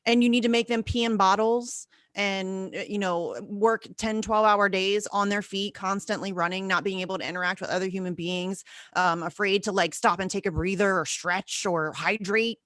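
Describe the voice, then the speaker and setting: A woman's voice: mid-range voice, fairly even intonation, moderate pace, few pauses, a bit bright, dry recording. Fiery, profane woman co-host, dry sound. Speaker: podcast co-host. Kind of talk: casual chat.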